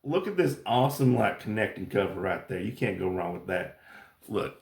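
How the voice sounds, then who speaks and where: Chatty man with a gravelly voice. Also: fairly low pitch, lively intonation, moderate pace, a little mellow, roomy sound. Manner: enthusiastic, rambling with fillers. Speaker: comic book YouTuber. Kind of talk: casual haul review.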